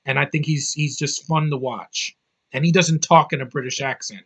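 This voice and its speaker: A man in his thirties reviews a film in a loose, ranting way. He is blunt and swears freely, wandering off on tangents and padding his talk with fillers. His voice sits a little higher than most men's. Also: fairly even intonation, moderate pace. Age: 30s. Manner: blunt, profane, rambling with many fillers. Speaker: movie reviewer. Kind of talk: casual rant-style film review.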